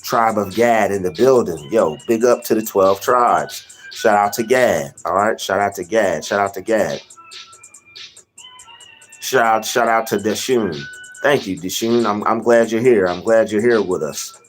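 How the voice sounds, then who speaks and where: Young guy on a livestream, low voice, rambly, shouting out the chat, faint music behind. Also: measured pace. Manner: rambling, greets chatters by name. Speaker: livestream host.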